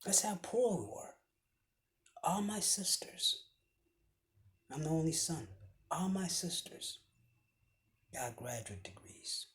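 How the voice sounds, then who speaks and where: Slow, emphatic motivational speaker, a man. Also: on the high side, very animated. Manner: emphatic, often dropping to a hushed whisper; repetitive, preaching cadence. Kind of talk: motivational speech.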